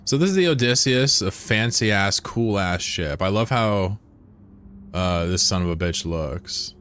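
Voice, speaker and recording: Deep-voiced laid-back male streamer. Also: animated, a little slow, a bit bright, slight background noise. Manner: laid-back, profane, answers chat aloud. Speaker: game streamer. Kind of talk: casual livestream chat.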